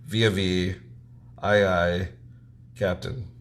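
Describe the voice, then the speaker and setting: A co-host on a casual live stream, teasing the other host with deadpan jokes. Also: low-pitched, extremely slow.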